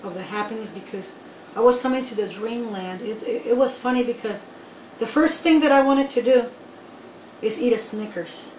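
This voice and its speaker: A woman's voice: fairly high pitch, normal speed. Emphatic woman telling her story. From Guatemala. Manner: emphatic, animated storyteller who addresses the listeners directly. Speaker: interviewee. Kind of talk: personal storytelling interview. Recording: echoey room, voice from far off, faint background noise.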